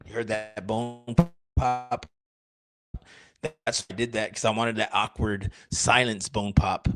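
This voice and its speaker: A man rambling excitedly on a live stream, cursing and joking as a country musician. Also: on the low side, slow pace, soft background music.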